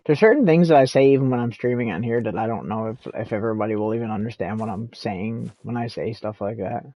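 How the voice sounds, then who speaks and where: A man's voice: on the low side, fast, dark tone, rough recording. A man with a Canadian accent, chatting in a rambling, casual way while streaming a game and laughing often. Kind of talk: casual chat while gaming.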